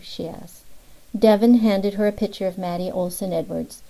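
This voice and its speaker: A woman's voice: steady tone, normal speed, dark tone, poor audio. A woman narrating a novel as an audiobook, lifting her voice slightly for the characters' lines. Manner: reads all characters with small pitch lifts for dialogue.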